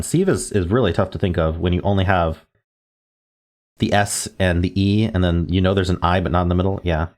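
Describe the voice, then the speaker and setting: A man's voice: deep voice, darkish tone. A man thinking aloud as he plays word puzzle games, spelling out letters, musing and correcting himself as he goes. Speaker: word game streamer. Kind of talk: casual thinking-aloud gameplay commentary.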